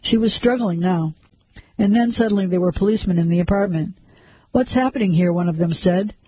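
A man narrating a crime story like an audiobook, measured and suspenseful. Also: high voice, steady tone, mellow, breathy edge, dry recording, poor audio.

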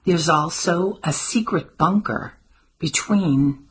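A woman's voice: lowish voice, slow, breathy edge, exaggerated voice, rough recording. A woman voicing a dry, wry grandmother. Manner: dry, teasing quips. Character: wry, sharp-tongued grandmother, older woman. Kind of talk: audiobook character voice.

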